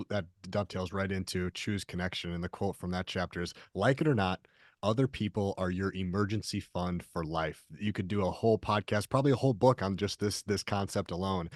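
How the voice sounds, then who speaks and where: A man's voice: low voice, fairly even intonation, quick pace, few pauses, dry recording, clean studio sound. A man hosting a podcast interview, asking questions and reading passages from a book aloud. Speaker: podcast host.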